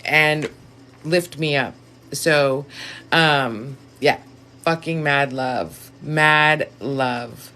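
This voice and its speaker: A woman with a raspy voice hosting a casual live stream, effusive and profane, giving blunt direct advice to viewers. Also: low-pitched, a bit bright.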